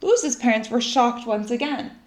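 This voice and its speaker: A woman reading a children's story aloud in an expressive, lively way. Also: a little high, normal speed. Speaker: storybook reader. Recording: echoey room.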